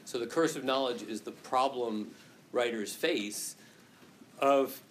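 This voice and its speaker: A man's voice: medium pitch, slow, slight background noise. Rambling self-mocking male teacher. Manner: rambling, self-deprecating, laughs often, many restarts. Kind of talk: classroom lecture with a personal story. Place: classroom.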